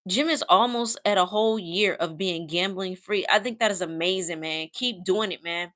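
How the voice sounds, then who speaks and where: Bright-voiced earnest woman streamer. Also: medium pitch, fairly quick, few pauses. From Midwest United States. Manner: emotional, earnest, reads out viewer comments. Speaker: livestream host. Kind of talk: casual livestream chat.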